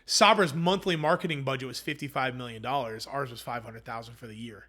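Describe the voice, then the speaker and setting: A man's voice: mid-range voice, fairly quick. A man, a food company founder, telling his story in a casual interview and acting out quoted conversations. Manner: animated, acts out quoted dialogue.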